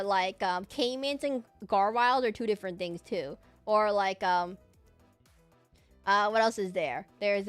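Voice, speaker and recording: A woman VTuber chatting casually on stream, excitable and rambling with lots of fillers and little laughs. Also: medium pitch.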